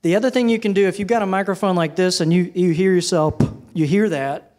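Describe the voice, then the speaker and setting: A man's voice: sits high, quick pace, soft background music. Man teaching a live microphone workshop. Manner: relaxed, conversational, asks the audience questions. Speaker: presenter teaching microphone technique. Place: presentation room with a sound system. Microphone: handheld and headset microphones, switched during demo.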